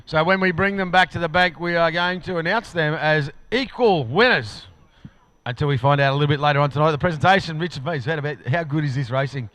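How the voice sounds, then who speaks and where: A man with an Australian accent calling a live powerboat race, excitable and rising to shouts at the finish. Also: a little high, quick pace, no echo. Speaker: race commentator. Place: commentary box at an outdoor lake event.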